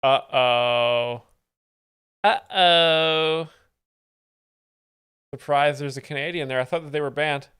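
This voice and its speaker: Man, stream host, deadpan, sarcastic, smooth clear voice. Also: on the high side, quick pace, few pauses. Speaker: stream host explaining jokes. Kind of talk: deadpan live-stream commentary.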